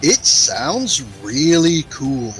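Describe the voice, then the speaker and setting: A man's voice: fairly high pitch, sing-song, drawn-out words, fairly bright tone, soft background music, rough recording. A man chatting casually while playing an online game, ranting sarcastically about bad advice. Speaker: gamer playing online with a friend. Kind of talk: casual gaming chat.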